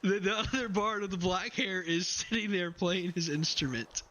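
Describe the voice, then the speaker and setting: A man's voice: high voice, measured pace, bright, forceful tone, a little hiss or hum. A man narrating a tabletop game as game master, laughing often as he talks.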